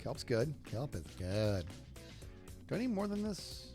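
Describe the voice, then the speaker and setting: A man's voice: medium pitch, big pitch swings, unhurried, music in the background. A man chatting casually to his viewers while playing a game, rambling to himself with jokey asides. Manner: rambling, self-talking, jokey asides to chat. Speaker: streamer. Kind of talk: casual gameplay livestream chat.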